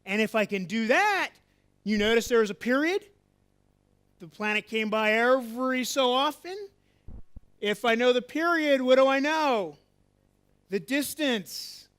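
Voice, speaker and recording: An American man with an extremely high, clean voice speaks unhurriedly, leaving long pauses. He gives a lively, interactive astronomy lecture to a live festival audience, coaxing volunteers and quizzing the crowd with questions.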